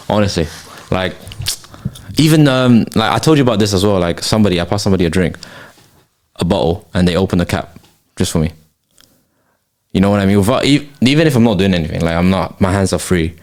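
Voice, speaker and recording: A young man holds forth on a casual late-night podcast, his voice sitting low. He rants with loose slang and frequent swearing. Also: darkish tone. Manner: ranting, slangy, swears freely. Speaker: podcast host.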